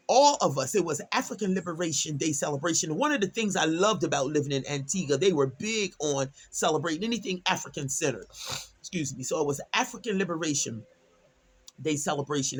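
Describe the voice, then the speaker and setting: A woman's voice: on the low side, a little fast, slightly rough. A middle-aged woman from Delaware, telling a personal story in a casual, chatty vlog style, acting out what people said with emphatic exclamations. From Delaware, USA. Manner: animated, chatty, acts out quotes with emphatic exclamations. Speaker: storytime vlogger.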